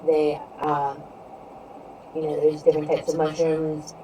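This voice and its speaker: Woman streamer rambling to chat, says you know a lot, lowish voice, sits back from the mic, little bit of hiss. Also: monotone, unhurried, dark tone. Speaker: live streamer. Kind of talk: casual live-stream chat with viewers. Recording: distant mic with faint background noise.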